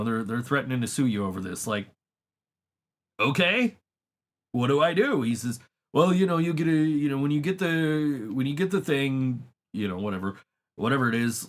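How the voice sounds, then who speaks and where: A man hosting a podcast, telling a long story in a casual, profane way and laughing often. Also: medium pitch. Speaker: podcast host. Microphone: studio microphone.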